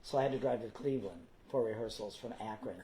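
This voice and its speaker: A man, a guest performer, telling theater anecdotes in a casual interview, animated and theatrical. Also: fairly low pitch, fast talker, low-quality recording. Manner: animated, theatrical, slips into character voices.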